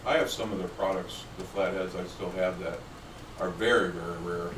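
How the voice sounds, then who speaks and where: A man's voice: steady tone, normal speed, far from the mic, background noise. Off-mic man in an echoey room, joke-telling. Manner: tells jokes and acts out high-pitched voices. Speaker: podcast co-host. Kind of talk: casual chat.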